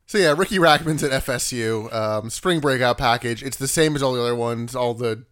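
A man's voice: medium pitch, a little fast, a bit bright, no room sound. A young man co-hosting a podcast, recapping in casual chat with dry jokes. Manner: dry jokey recap narration. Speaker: podcast co-host.

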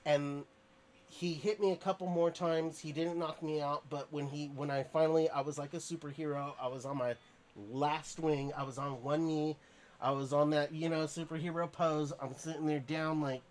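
A man's voice: on the high side, steady tone, normal speed, a little hiss or hum. A man, a podcast guest, tells a story in a casual, rambling way with lots of fillers and restarts.

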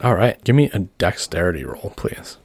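A man narrating as game master of a tabletop game with steady, plain storytelling. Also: sits low, moderate pace, background noise.

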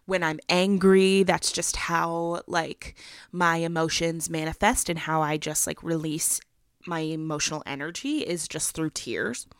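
A young adult woman hosts a podcast in a low, clear, resonant voice, speaking a little slowly. The recording is dry with clean studio sound as she tells a personal story chattily, using lots of fillers.

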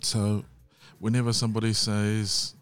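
A man's voice: lowish voice, flat delivery, unhurried, smooth, soft background music. A man, a guest singer, talking earnestly in casual chat, often asking "you know what I mean". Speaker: guest, singer and worship leader.

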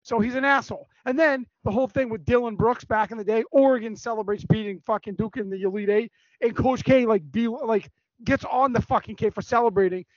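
A man's voice: very high voice, brisk, no room sound, highs cut off. A man co-hosting a podcast in casual chat, telling stories in a mocking, profane way. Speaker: podcast co-host.

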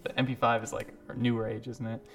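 A man's voice: mid-range voice, little pitch movement, fast talker, a bit bright, faint music behind. A man running a tabletop game as game master, narrating loosely with frequent laughs.

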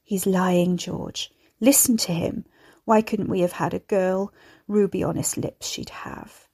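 A cruel, monstrous mother who croons softly at her son, put on by a woman narrator. Her voice is low and level, sweet on the surface and cold beneath. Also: steady tone, a little slow, creaky, breathy edge, exaggerated voice. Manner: soft, crooning.

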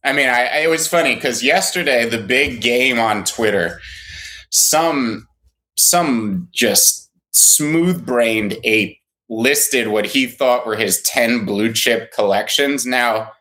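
Mid-pitched male co-host, teasing and joking, casual podcast banter. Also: takes it slowly, bright, forceful tone.

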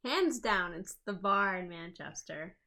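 A woman's voice: lowish voice, a little slow, vocal fry. A woman in her twenties co-hosting a podcast, telling stories bluntly with lots of swearing. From England. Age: 20s. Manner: blunt and profane, animated storytelling. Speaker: podcast co-host. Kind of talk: casual chat.

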